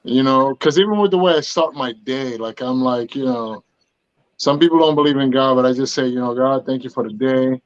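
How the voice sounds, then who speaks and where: A man's voice: mid-range voice, brisk. A man co-hosting a podcast in a casual chat, upbeat and agreeable, often chiming in with short replies. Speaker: podcast co-host. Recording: dull lo-fi sound.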